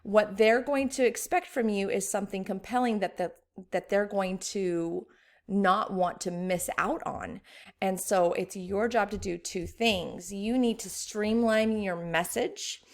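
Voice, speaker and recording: A woman's voice: mid-range voice, unhurried. A woman editor teaching an online writing workshop in a casual, conversational way.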